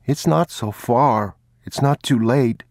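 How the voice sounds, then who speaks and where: A man's voice: medium pitch, slow pace, darkish tone, no echo, studio quality, voice pushed up. A man reading a story aloud, voicing a frightened young boy who pleads and begs anxiously. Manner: anxious, begging, tearful. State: crying.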